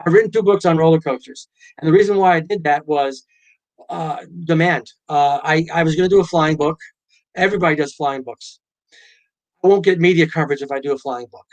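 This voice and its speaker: A man's voice: fairly high pitch, brisk. A middle-aged man, a guest author and pilot, telling stories in a casual interview and acting out quotes. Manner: animated storyteller, acts out quotes.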